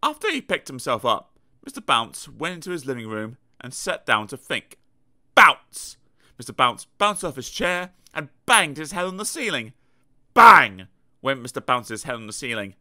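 A man reading a children's storybook aloud in a lively, playful way, with sound effects. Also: medium pitch, normal speed, hardly any pauses. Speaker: audiobook narrator.

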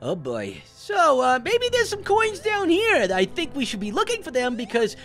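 A jumpy, wisecracking talking orange, voiced by a man for a cartoon let's-play. His pitch swings wildly from low mutters to high yelps, and faint music sits behind him. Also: wildly swooping pitch, moderate pace, exaggerated voice. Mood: scared. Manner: jumpy, yelps and shouts when startled, jokey asides. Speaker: gaming host.

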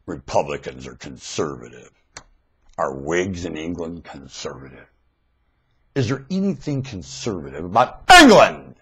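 A man in a rambling webcam monologue, veering between high shouts and low mutters, recorded on a webcam microphone at home. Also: sing-song, moderate pace, breathy edge. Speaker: vlogger.

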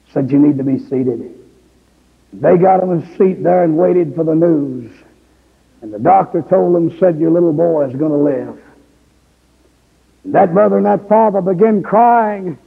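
A preacher delivers his sermon as a story in a high-pitched, gravelly voice. The sound is tinny and phone-like, echoing through a large hall. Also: moderate pace. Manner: storytelling with rising, crying shouts at emotional peaks.

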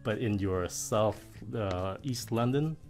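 A Vietnamese woman, a host and English teacher, runs a casual pronunciation lesson, asking curious questions and reacting with surprise. Her voice is bass-deep, slow and a little mellow, with faint music in the background.

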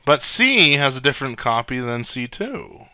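A man giving a casual screencast coding lesson, thinking aloud as he types, with frequent restarts and throat clearing. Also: medium pitch, very animated, normal speed, pushed and bright, dry recording. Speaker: programming instructor.

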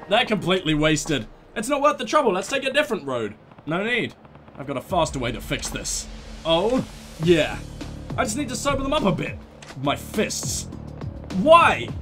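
Animated high-voiced gaming commentator. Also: male voice. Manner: joking, reads subtitles aloud in silly voices. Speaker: let's play host. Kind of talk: gameplay commentary. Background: game music.

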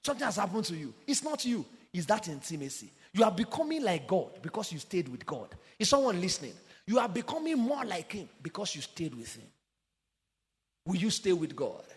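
Man, preaching, high voice, reverberant church hall, impassioned sing-song delivery. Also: huge pitch swings, moderate pace. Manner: impassioned preaching, rising to sung emphasis and dropping to low asides. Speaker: pastor. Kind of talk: sermon.

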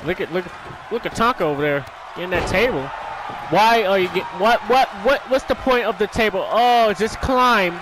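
A man hosting a gaming channel, giving casual commentary on a wrestling game, exasperated, shouting at the screen and swearing. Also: high voice. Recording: game audio with loud crowd noise. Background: video game crowd noise.

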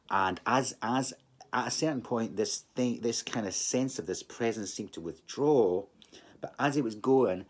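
A middle-aged man recounts a personal story. His voice is very low and husky, and he often stops, restarts and breaks off mid-sentence as he speaks. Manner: rambling, halting, with many restarts and quoted thoughts. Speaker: speaker giving a personal testimony.

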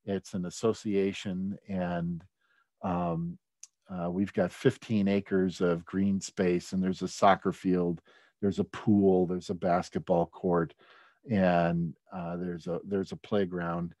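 A middle-aged man speaks in a low, mellow voice, recorded dry and close. He tells a personal story in a loose, conversational way, full of ums and restarts. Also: level tone, takes it slowly, no echo. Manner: conversational, many fillers and restarts, gets choked up. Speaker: speaker at a leadership talk.

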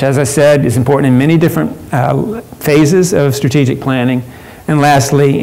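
A man's voice: on the high side, darkish tone, poor audio. A man presenting a workshop at a professional conference, talking conversationally with frequent fillers and restarts.

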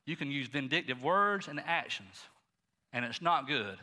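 A middle-aged male pastor preaching a sermon in a folksy, animated way, talking straight to the congregation. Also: medium pitch, moderate pace, big-room sound. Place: church sanctuary.

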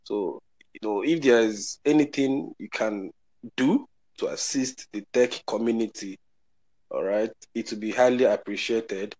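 A man's voice: on the low side, a little slow, darkish tone. A man from Nigeria with a Nigerian accent, speaking in a casual live audio chat in an apologetic, rambling way full of restarts. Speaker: participant.

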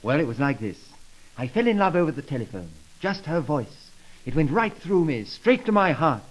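A man's voice: a little high, big pitch swings, moderate pace, rough recording. A man playing a lovesick young man-about-town in a 1930s comedy sketch, talking in a gushing, theatrical way on an old record. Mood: eager.

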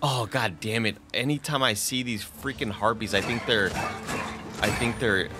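A man streaming a video game, excitable and profane, laughing and talking to his chat. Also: on the low side, normal speed. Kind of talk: live gameplay commentary. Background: game music and sound effects.

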